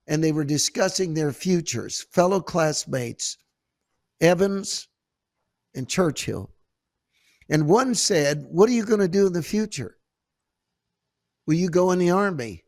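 A man hosting a Christian talk show, telling stories in a fervent, preacherly way with halting restarts, on a close mic. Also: a little high, dry recording. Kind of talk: preacherly storytelling and interview.

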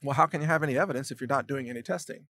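A man's voice: mid-range voice, rapid-fire, pushed and bright, no echo, studio quality. A man hosting a solo commentary monologue, talking in an indignant, sarcastic way and acting out mocking imagined exchanges. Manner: indignant, sarcastic, acts out mocking hypothetical dialogues. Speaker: commentary podcast host.

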